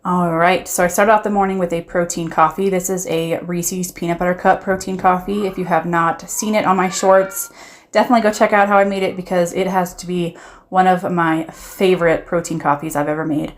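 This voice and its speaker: A woman's voice: fairly low pitch, level tone, brisk. A woman vlogger narrating a casual voiceover, chatty and upbeat, with frequent "um"s as she gushes about her food. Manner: chatty, many "um"s, upbeat and gushing. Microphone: voiceover recorded while editing.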